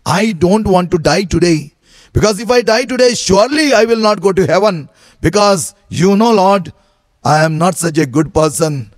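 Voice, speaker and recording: A man's voice: sits high, lively intonation, moderate pace, dry recording. A man voicing an older village gossip woman who pleads, repents and bristles in a told parable. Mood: pleading.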